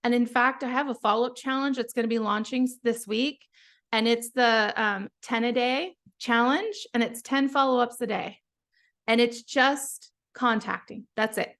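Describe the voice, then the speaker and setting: A woman founder giving a casual, chatty software walkthrough, encouraging her listeners while often trailing off and restarting her sentences. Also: on the high side, fairly even intonation, normal speed. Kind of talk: casual live software tutorial.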